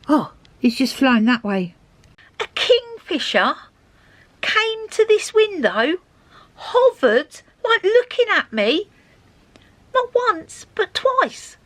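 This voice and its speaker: High bouncy lady vlogging on a handheld cam, excitable and exclaiming. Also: slow. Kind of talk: casual video diary chat. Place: narrowboat and car.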